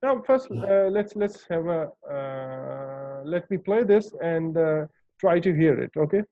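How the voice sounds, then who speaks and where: A man with a Pakistani accent, a native Urdu speaker, teaches English in an online lesson, hesitating often, using many fillers and stressing his words. His slightly high, mellow voice is animated but takes things slowly, with no echo. The call audio is dull, dry and lo-fi.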